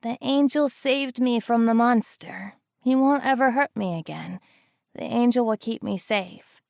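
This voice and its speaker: A woman's voice: a little high, measured pace, vocal fry, a little mellow, no echo, clean studio sound, pitched above the performer's own voice. A woman voicing a weak, trusting young girl with a scratchy voice in an audiobook.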